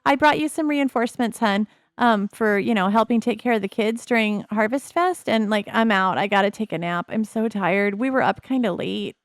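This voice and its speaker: A woman's voice: medium pitch, normal speed, hardly any pauses, no room sound, lightly acted. A worn-out young father in a life-sim game talks wearily but earnestly, sighing between thoughts, as a woman puts him on. The sound is dry and close. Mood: weary. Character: tired young husband and father.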